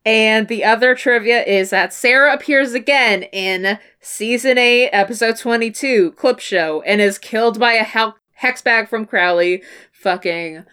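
A woman co-hosting a casual fan podcast, animated and laughing, swearing casually and acting out lines from the show. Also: fairly high pitch, unhurried, clear, resonant tone. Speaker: podcast co-host.

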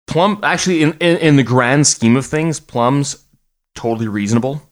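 A man's voice: medium pitch, normal speed. A middle-aged man co-hosting a podcast, chatting casually with jokes and a lot of restarts. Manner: rambling, joking, many restarts. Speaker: podcast co-host. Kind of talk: casual chat.

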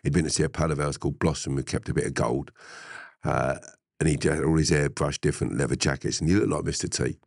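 A middle-aged man with a very low voice spins an animated story in casual interview talk, laughing and swearing as he goes. His voice sounds dry and close, with no room around it. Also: quick pace, vocal fry, no room sound.

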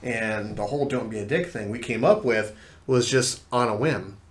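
Easygoing guy on a podcast, just chatting, relaxed and unbothered. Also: on the low side, moderate pace. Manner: laid-back, easygoing. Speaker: podcast co-host. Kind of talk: casual chat.

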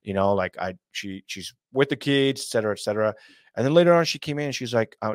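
A man's voice: on the low side, expressive, fast talker, no room sound, clean studio sound. A young adult man hosting a casual commentary show, talking in a rambling, earnest way with many fillers and asides. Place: small hot room at home.

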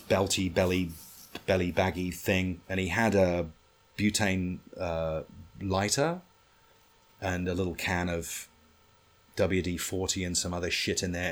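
Very deep-voiced man telling a story. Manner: animated, swearing, acts out others' lines. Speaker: storyteller guest. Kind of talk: casual anecdote on a podcast.

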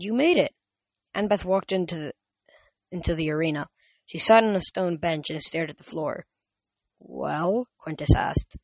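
A man's voice: on the high side, dry recording. A man reading a novel aloud, often stumbling and correcting himself. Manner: frequent slips and self-corrections. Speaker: reader.

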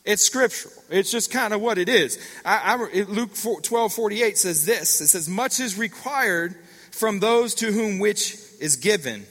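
Man, middle-aged, pastor, sermon, bright forceful tone, calls out to the congregation, church hall with long echo. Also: sits high, unhurried. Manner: animated storytelling with call-outs to the congregation. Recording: long reverb of a large hall.

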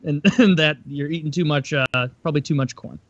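A man's voice: a little high, brisk, dry recording, highs cut off. A young man co-hosting a casual podcast chat, rambling with lots of fillers. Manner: rambling, filler-heavy, mock-voices others. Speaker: podcast co-host.

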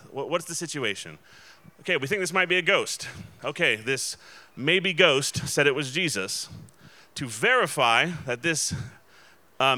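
A man preaching in an easygoing, chatty way, his voice bright and forward. He sounds crisp and smooth, and he keeps turning to his listeners with quick asides between fillers and restarts. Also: a little high. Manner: casual and chatty, many fillers and restarts, checks in with the audience. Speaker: pastor. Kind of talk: conversational sermon.

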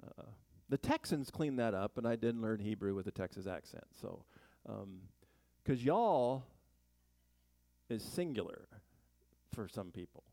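A man's voice: lowish voice, normal speed, a little mellow, no room sound. A man teaching a Bible study in a chatty sermon style, full of joking asides and rhetorical questions.

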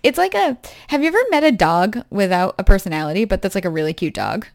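A woman's voice: medium pitch, very animated, fast, vocal fry, no echo, studio quality. A woman co-hosting a casual podcast chat, her voice swinging up and down animatedly. She rants freely and laughs often as she talks. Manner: ranting, laughs often, chatty. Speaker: podcast co-host.

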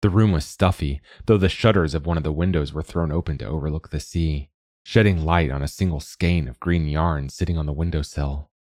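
A man narrating a story at a measured, even pace. His voice is very deep and sounds close and dry, with no room echo.

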